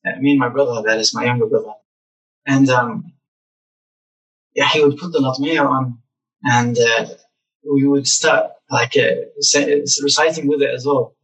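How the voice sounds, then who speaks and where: Young guy chatting as a guest, tells animated stories, sits a bit back from the mic. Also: medium pitch, moderate pace, long pauses, distant mic, rough recording. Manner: animated, acts out childhood memories. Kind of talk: casual storytelling interview.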